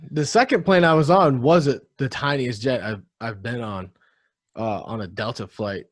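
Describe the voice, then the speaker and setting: Chill young dude on a podcast, swears casually, dry close mic sound. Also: male voice, medium pitch, moderate pace, dry recording. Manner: laid-back, profane, casual. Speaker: podcast co-host. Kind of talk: casual chat.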